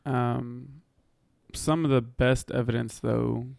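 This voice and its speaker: Gravelly, smooth-voiced man chatting on a podcast. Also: mid-range voice, slow, no echo. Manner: relaxed, hedging, talks over others. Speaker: podcast co-host. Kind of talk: casual chat. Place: podcast studio.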